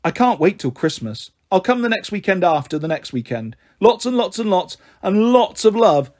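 A man's voice: a little high, sing-song, brisk. A man reading the letters of an eager, affectionate teenage boyfriend in a storybook.

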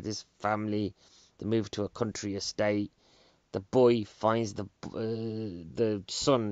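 A British comedian in a casual comedic monologue, ranting with sarcastic exasperation. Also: male voice, on the low side, no room sound. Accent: British English. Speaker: stand-up comedian. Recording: dull, dry lo-fi recording.

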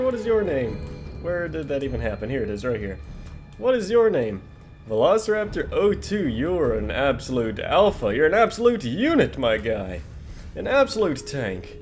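A man hosting a casual video game commentary, excitable and jokey as he talks to his viewers. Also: medium pitch, normal speed, soft background music. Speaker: gaming video host.

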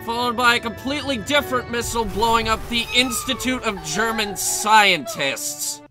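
A man giving a sarcastic, comedic movie review, mocking and exasperated, swearing and now and then shouting in outrage. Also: extremely high pitch, normal speed, over music.

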